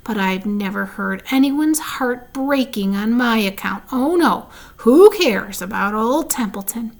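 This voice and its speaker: A woman's voice: a little high, lively intonation, a little slow, gravelly. A woman reading a storybook aloud, voicing a lazy, sarcastic male rat who grumbles and mocks.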